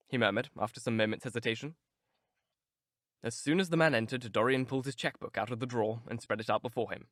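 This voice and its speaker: A man reading a classic novel aloud in measured, expressive scripted narration on a close mic. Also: medium pitch, no echo. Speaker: audiobook narrator.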